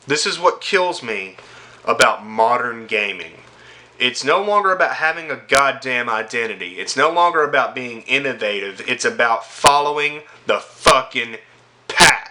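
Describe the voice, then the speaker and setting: A young man ranting about video games, angry and sarcastic, swearing constantly and yelling at times. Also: mid-range voice, animated, normal speed. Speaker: gaming vlogger. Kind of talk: profane gaming rant to camera.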